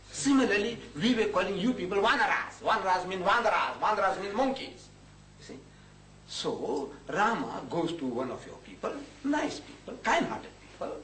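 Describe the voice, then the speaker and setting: An animated man with a high voice gives a storytelling lecture to a live audience, acting out both sides of conversations and chuckling often. He is picked up from a distance in an echoey hall, with a little hiss or hum.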